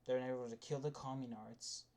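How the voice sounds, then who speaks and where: A man's voice: mid-range voice, fairly even intonation, fast, darkish tone. A man delivering a casual, rambling spoken rant as a video essayist, with frequent restarts and the odd swear.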